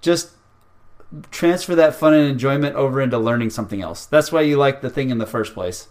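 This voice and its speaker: A man hosting a casual interview over a video call, easygoing and quick to laugh. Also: medium pitch. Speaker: podcast host.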